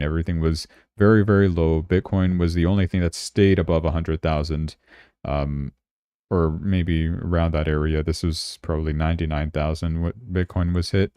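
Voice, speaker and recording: A man's voice: sits low, mellow, dry recording, clean studio sound. A man hosting a casual crypto livestream, chatting and thinking aloud as he checks his charts, sounding tired. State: yawning, tired.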